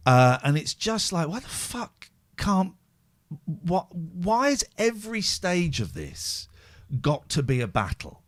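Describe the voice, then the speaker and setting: This middle-aged man's voice is high-pitched with big pitch swings, delivered slowly and without echo. Hosting a candid podcast, he speaks raw and emotional, swearing heavily, and seems completely exhausted.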